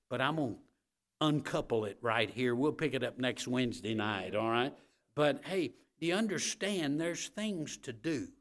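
A man preaching a Wednesday night sermon with passion, rising and falling in force, repeating phrases and stumbling on repeated starts. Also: mid-range voice. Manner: impassioned preaching that rises and falls, with repeated phrases. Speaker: pastor.

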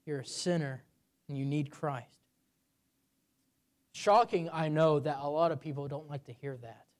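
In an unhurried sermon, a man tells a story from his own life, swelling into loud, emphatic climaxes and then dropping to a quiet, low voice.

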